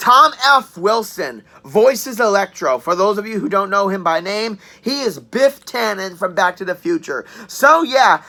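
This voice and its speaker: Bright-voiced young woman reviewing games. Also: mid-range voice. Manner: chatty, enthusiastic, joking asides; clears throat often. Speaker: game reviewer. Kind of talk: casual spoken review.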